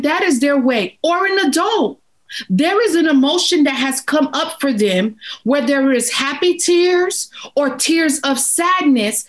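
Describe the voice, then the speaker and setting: High-voiced, slow, emphatic woman. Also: rough recording. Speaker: grief educator guest. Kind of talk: interview, earnest advice.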